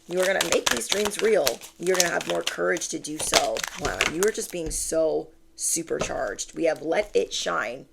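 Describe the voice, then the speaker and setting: A woman giving a channeled tarot reading, speaking with animated, drawn-out emphasis while shuffling cards. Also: sits low, vocal fry, heavy background noise. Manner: animated, drawn-out emphatic phrases, acts out quoted reactions. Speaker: tarot reader.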